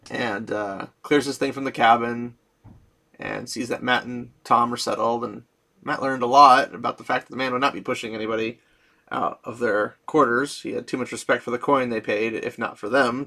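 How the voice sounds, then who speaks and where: Gravelly man casually retelling a story. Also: mid-range voice, moderate pace, pushed and bright. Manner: gravelly, chatty, laughs often. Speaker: host retelling a fantasy novel.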